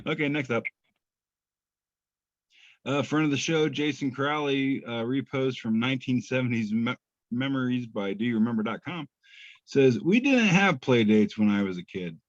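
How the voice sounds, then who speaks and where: A man's voice: mid-range voice, lively intonation, normal speed, no echo. Chill podcast guy reading memes, chuckles at his own stuff, kinda muffled dry audio. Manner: laid-back, chuckling, self-deprecating. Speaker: podcast co-host. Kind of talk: casual chat reading memes aloud.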